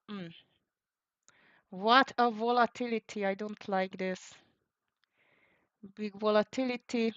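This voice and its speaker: A woman's voice: medium pitch, fairly even intonation, slow pace, long pauses, a bit bright, dry recording. A woman hosting a live trading stream, thinking aloud in slightly as she calls out prices and frets about the market. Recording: dry, dull lo-fi sound.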